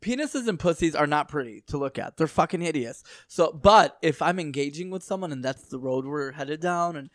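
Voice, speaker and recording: A man telling stories in a casual, profane chat, often jumping into shrill voices for the people he quotes. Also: lively intonation, moderate pace, hardly any pauses, no echo, studio quality.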